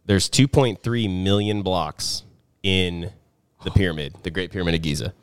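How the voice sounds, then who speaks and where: A man with a very deep, low voice hosts a laid-back podcast among friends in a garage. He laughs readily and swears freely. His voice sounds dry and close, with little room echo. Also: moderate pace, smooth. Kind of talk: casual chat. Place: home garage.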